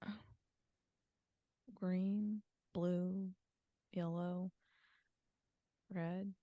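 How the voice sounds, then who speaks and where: A woman's voice: fairly low pitch, little pitch movement, drawn-out words, dry recording, highs cut off. A woman co-hosting a casual chat podcast, playful and self-mocking, who laughs a lot. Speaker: podcast co-host, a mother.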